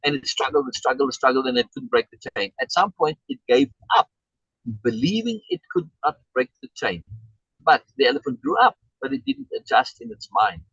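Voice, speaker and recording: A man's voice: mid-range voice, very animated, brisk, gravelly, a bit bright, breathy edge, no room sound, highs cut off. A man coaching someone over a video call, emphatic and repeating key words for stress. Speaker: life coach.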